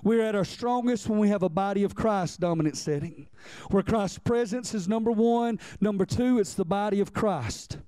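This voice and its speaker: A man's voice: high voice, moderate pace, dark tone, dry recording. A man preaching a conversational sermon as pastor, repeating lines for emphasis and asking his congregation questions.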